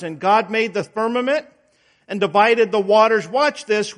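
A man's voice: sits high, expressive, moderate pace, a bit bright. A middle-aged male preacher giving a sermon, telling homey stories and stressing words with emphatic rises. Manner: folksy storytelling, emphatic rises.

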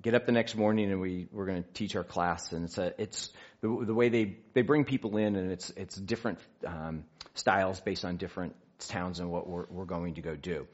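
Husky, low-voiced man telling a story. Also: normal speed. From United States. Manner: animated storytelling with acted-out quotes. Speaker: speaker sharing a faith story. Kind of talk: storytelling talk. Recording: dull lo-fi recording.

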